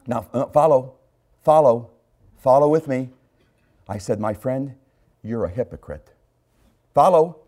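A man preaching a sermon, repeating phrases for emphasis and swinging between loud emphatic lines and quiet storytelling. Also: medium pitch, expressive, unhurried, pauses often. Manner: dramatic, swings between shouting and hushed storytelling.

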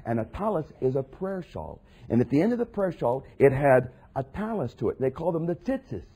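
A husky-voiced man delivers a sermon with a lively, rolling pitch. He drops low for asides and climbs high and loud when he acts out scripture. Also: fairly quick. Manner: dramatic, swings from quiet asides to loud acted quotes of Jesus. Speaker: preacher.

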